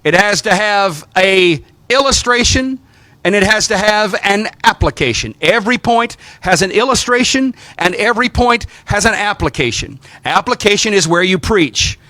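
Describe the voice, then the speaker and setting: A man's voice: high voice, animated, moderate pace, sharp tone, no room sound. A middle-aged man from the American South with a Southern accent, a priest teaching clergy how to preach, with folksy storytelling and repeated phrases. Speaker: Orthodox priest teaching homiletics.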